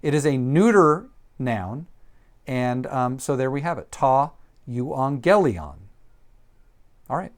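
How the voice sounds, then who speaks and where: A man teaching Greek vocabulary in a lecture, repeating each word slowly and deliberately with frequent ums. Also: medium pitch.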